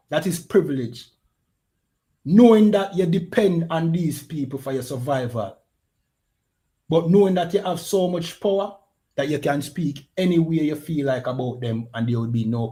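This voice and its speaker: A man's voice: fairly high pitch, a little slow, dark tone. A man hosting a radio show, giving emphatic, preaching commentary on a clip and often checking that listeners follow. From Jamaica. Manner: emphatic, keeps asking "you understand?".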